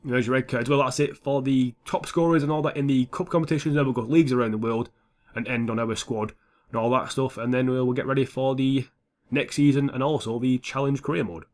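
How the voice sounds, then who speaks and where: A man's voice: medium pitch, fairly even intonation, brisk, a little mellow. A young man giving casual, sweary commentary over a football management game. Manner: blunt, sweary and offhand. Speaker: gaming YouTuber.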